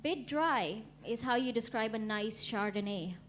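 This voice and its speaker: A woman's voice: on the high side, a little slow, heavy background noise. Young Indian-born woman doing stand-up. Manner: deadpan, laughs at her own jokes. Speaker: stand-up comedian. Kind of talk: stand-up comedy set. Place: comedy club stage.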